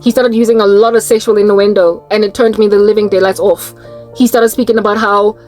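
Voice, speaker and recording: A South African woman telling a personal story in a casual chat to her viewers, animated and quick to laugh. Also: medium pitch, faint music behind. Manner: animated, breaks into laughter, slips into Tswana and Zulu words. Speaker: Christian YouTuber.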